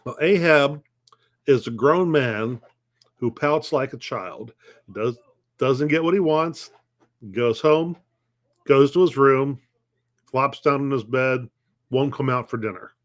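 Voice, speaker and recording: Middle-aged preacher guy, talks it thru, asks questions then answers, normal pitch. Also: slow pace, pauses often. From United States. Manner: thoughtful, asks questions and answers them, restarts phrases. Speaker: pastor. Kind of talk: conversational Bible lesson.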